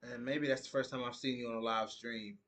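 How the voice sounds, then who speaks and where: A laid-back man from the United States hosts a casual live stream at a mid pitch. He reads viewer comments aloud and riffs on them in an easygoing chat. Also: steady tone, a little fast, fairly bright tone. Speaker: podcast host.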